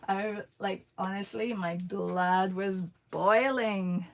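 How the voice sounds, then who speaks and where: A woman's voice: mid-range voice, a little slow. A woman who teaches art and vlogs tells a rambling, chatty story full of fillers while she paints.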